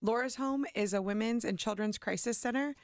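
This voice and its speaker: Woman, radio guest, raspy, gravelly edge, dry close mic, cheerful. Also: on the high side, a little fast, no echo. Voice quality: a little raspy today. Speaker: guest from a crisis center. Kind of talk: casual radio chat.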